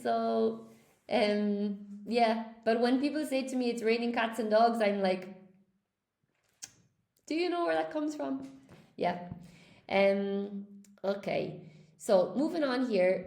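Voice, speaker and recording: A woman's voice: fairly high pitch, a little slow, a little mellow. A woman English teacher giving a chatty, encouraging live lesson, talking straight to her viewers and reading out their comments. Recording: echoey room.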